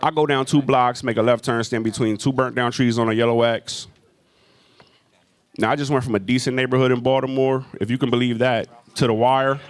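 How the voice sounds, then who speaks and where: A man's voice: medium pitch, steady tone, fairly quick, no echo. A man doing a stand-up comedy set in a club, telling a profane story with lots of crowd work.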